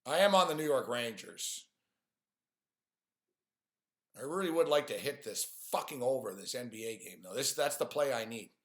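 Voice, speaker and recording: A man's voice: mid-range voice, animated, a little fast, a bit bright. A man ranting on a live stream about sports games and his bets, swearing often and sounding frustrated. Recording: echoey room.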